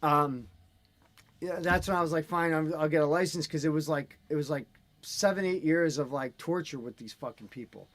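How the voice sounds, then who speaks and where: A man in casual chat, telling an animated, ranting story as host. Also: a little high, moderate pace, dry recording.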